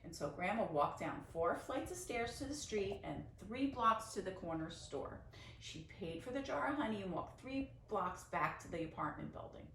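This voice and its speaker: A woman's voice: medium pitch, expressive, normal speed, fairly bright tone. A woman teacher reading a picture book aloud to children, with chatty asides and explanations of Yiddish words. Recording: roomy, distant mic, faint noise.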